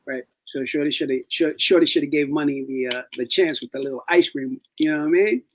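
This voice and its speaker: A man's voice: a little high, a little fast, slight background noise, rough recording. A man co-hosting a podcast in casual chat, telling stories and slipping into playful voices. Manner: animated storytelling with playful put-on voices. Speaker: podcast co-host.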